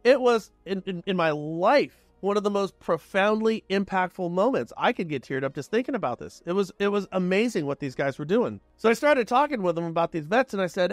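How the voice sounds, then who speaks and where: A man hosting a real estate show, telling a story in a casual, animated way and acting out both sides of the conversations. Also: sits high, fast, few pauses, no room sound. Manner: conversational, animated retelling with quoted dialogue.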